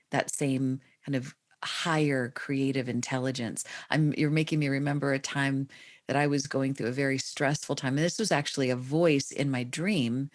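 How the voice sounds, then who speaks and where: A woman hosting a conversation, responding in an appreciative, thoughtful way. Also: a bass voice. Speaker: host. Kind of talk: conversational interview.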